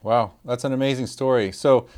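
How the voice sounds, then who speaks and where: A man's voice: mid-range voice, steady tone, moderate pace, a little mellow. Enthusiastic male podcast host. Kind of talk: interview talk.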